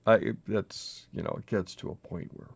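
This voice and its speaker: A man with a low, gravelly voice hosts a casual coffee brewing demo at home. He talks haltingly and nervously, breaking off and restarting often. He is recorded on a camera mic with a crew nearby. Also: steady tone. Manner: halting, self-interrupting, nervously chatty. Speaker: coffee video host. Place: home kitchen.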